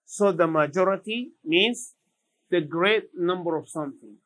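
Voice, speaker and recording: A man teaching English vocabulary, repeating each word slowly and deliberately. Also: sits high, fairly bright tone, rough recording. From Sudan. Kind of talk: slow classroom vocabulary lesson.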